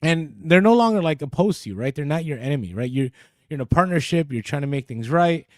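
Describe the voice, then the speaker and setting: A man's voice: a little high, lively intonation, fast talker, no room sound. A man co-hosting a casual podcast, reading out listener comments and laughing often, speaking close into a studio mic. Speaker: podcast co-host. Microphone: podcast studio mic, too close at times.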